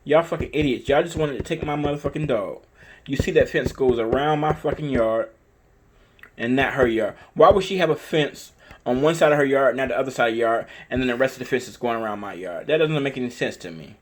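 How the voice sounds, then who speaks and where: A man, casually telling a story in a vlog, animated and emphatic, with lots of cursing and repeated phrases. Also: medium pitch, fairly quick. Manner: animated, profane, emphatic retelling; repetitive, conversational phrasing. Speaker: dog owner telling a story.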